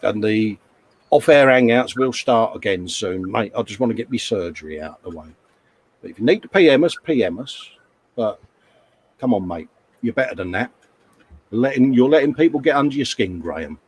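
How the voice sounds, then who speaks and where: Stream host, middle-aged, matey and chatty, scolding gently. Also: male voice, medium pitch, animated, normal speed, slightly rough. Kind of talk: casual chat reading viewer comments.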